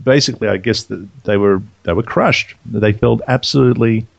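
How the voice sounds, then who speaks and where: A man with a gravelly voice reading Bible verses slowly aloud and asking his co-host questions in casual conversation. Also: fairly low pitch, no echo, dull audio. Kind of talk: conversational scripture reading and discussion.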